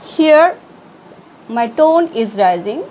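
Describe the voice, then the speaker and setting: A woman English teacher giving an online class, explaining slowly and deliberately with pauses. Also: on the high side, big pitch swings, darkish tone, slight background noise, rough recording.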